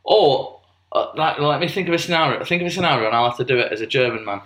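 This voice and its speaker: A man's voice: medium pitch, animated, fast, fairly bright tone, reverberant. A British man co-hosting a podcast, chatting casually and joking. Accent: British English. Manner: jokey, bantering, breaks into put-on voices. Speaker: podcast co-host. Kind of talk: casual chat.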